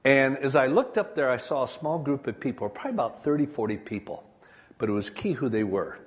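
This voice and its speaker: A man's voice: mid-range voice, lively intonation, a little fast. An older man from Michigan giving an earnest personal testimony to a live audience, speaking straight to them. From Michigan, USA. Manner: earnest, addresses the audience directly. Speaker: speaker telling his life story. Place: room with an audience.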